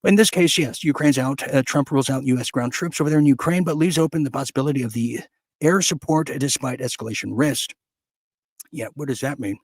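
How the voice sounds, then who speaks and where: Husky-voiced sarcastic male news host. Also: medium pitch, brisk, no room sound. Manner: sarcastic, ranting asides between read headlines. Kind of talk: opinionated news commentary.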